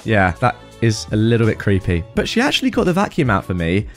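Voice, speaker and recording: A man's voice: lowish voice, fast talker. A man reading reddit posts aloud and adding wry comments, with faint music behind him. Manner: wry, animated commentary with frequent laughs. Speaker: reddit storytime host.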